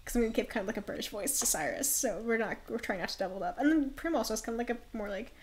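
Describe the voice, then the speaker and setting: A woman's voice: a little high, lively intonation, rapid-fire. A woman streaming a video game, chatting casually with a giggly manner and many fillers. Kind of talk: casual let's-play commentary.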